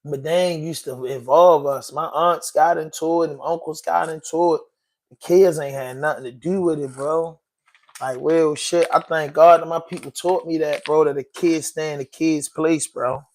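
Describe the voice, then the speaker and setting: A man's voice: on the high side, fairly even intonation, normal speed. A man hosting a podcast, talking in an emotional, slangy way, repeating himself and saying bro a lot. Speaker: podcast host. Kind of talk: casual commentary monologue.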